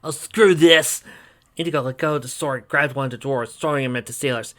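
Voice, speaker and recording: A man narrating a fan fiction story in an even, steady way. His voice is bright and forward, at a mid pitch for a man. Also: fast talker. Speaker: reader.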